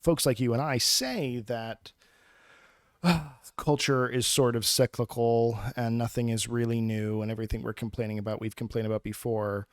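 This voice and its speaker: A man's voice: medium pitch, flat delivery, no room sound. Brief: male podcast co-host, inquisitive, reactive, dry close sound. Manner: curious, quick to react. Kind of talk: casual chat.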